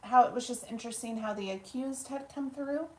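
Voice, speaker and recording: A woman co-hosting a live stream, reading viewer comments aloud in a soft-spoken, casual way. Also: on the high side, brisk, a little hiss or hum. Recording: echoey room.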